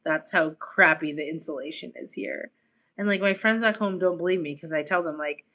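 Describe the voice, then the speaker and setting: A woman's voice: fairly low pitch, moderate pace, a bit bright, highs cut off. An American woman streaming casually, chatting in a rambling way with lots of fillers, her accent slightly tinged by years in Australia. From United States. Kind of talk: casual live-stream chat.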